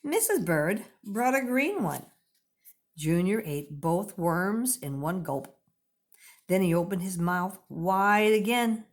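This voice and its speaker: Reading a children's picture book aloud, a woman speaks slowly and clearly. Her pitch rises and falls with lively expression, holding the attention of young listeners.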